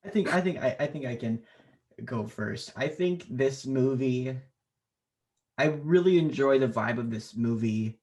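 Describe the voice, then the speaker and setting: A man's voice: mid-range voice, unhurried, darkish tone. A man hosting a podcast in casual chat. He is easygoing with dry humor and falls into hesitant restarts when giving opinions. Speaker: podcast host.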